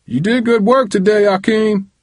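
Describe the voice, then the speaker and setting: A man's voice: high voice, fairly even intonation, normal speed, no room sound, studio quality, voice pushed up, lightly acted. A man voicing a hearty middle-aged uncle who hollers praise up the stairs. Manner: hollering from downstairs. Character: booming cheerful uncle, store owner.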